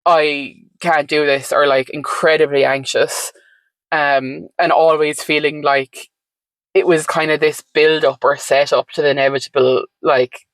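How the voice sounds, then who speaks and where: A woman's voice: low voice, little pitch movement, measured pace, no echo. A woman talking candidly as an interview guest, frank and chatty with lots of fillers and the odd swear word. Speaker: podcast guest.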